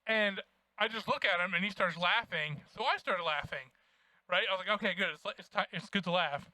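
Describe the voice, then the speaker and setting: A young man co-hosting a podcast, telling profane, animated stories in casual chat. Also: sits high, brisk, dry recording. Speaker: podcast co-host.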